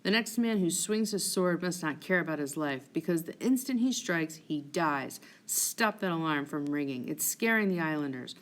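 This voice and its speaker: A woman's voice: sits low, animated, normal speed, few pauses. A woman playing a stern, commanding general.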